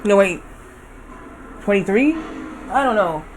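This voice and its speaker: A man's voice: high-pitched, lively intonation, slow, a little hiss or hum. A man in his thirties chatting casually while streaming a game, rambling and often correcting himself. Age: 30s. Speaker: livestreamer.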